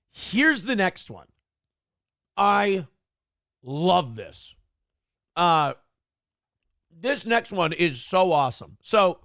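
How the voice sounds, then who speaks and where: Guy hosting a morning show, gravelly high voice, blunt and cussing, dry mic. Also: fairly bright tone, no room sound. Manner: blunt, profane, sarcastic. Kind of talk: opinionated commentary over clips.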